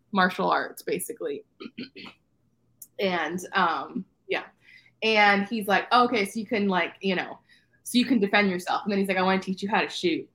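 A woman's voice: mid-range voice, a bit bright. Laughing woman retelling a story. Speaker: podcast co-host. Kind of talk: casual book club chat. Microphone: video call.

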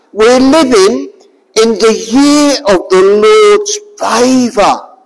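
Emphatic preacher in a reverberant hall. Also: high-pitched. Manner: emphatic, fires rhetorical questions at listeners; forceful, raises voice to a shout at times. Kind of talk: sermon.

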